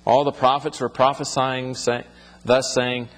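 A man's voice: medium pitch, moderate pace, fairly bright tone. Man teaching scripture in an echoing room. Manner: reads scripture aloud, then explains it in plain talk. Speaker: Bible teacher. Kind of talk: expository Bible teaching.

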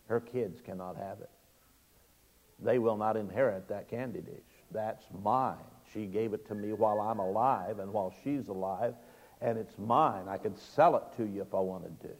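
A male preacher with a mellow, gravelly voice delivers a folksy sermon. His voice climbs and presses on the key points. The sound carries a long reverb, as from a large sanctuary. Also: lowish voice. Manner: folksy, illustrative preaching with emphatic rises.

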